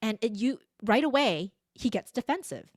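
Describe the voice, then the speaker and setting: Animated middle-aged woman telling stories. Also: on the high side, normal speed, dry recording, studio quality. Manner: animated storyteller who acts out quoted speech. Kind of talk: casual podcast conversation.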